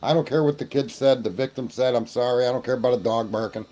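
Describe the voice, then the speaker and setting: A man with a warm, mellow voice argues hard as a guest on a casual true crime stream. He lectures with emphasis and pushes his point again and again. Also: mid-range voice, fast talker. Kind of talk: casual live-stream discussion.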